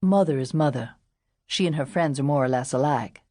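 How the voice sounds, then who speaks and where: A cautious, proper young man who hedges and mumbles when challenged, as a woman narrator voices him. His low voice sounds close and dry. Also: a little fast, no room sound. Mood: placating. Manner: hesitant, soft, apologetic.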